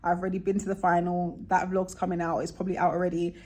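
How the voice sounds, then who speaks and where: A young woman vlogging, casually telling a travel story and acting out the voices of people she quotes with big jumps in pitch. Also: flat delivery, quick pace, darkish tone.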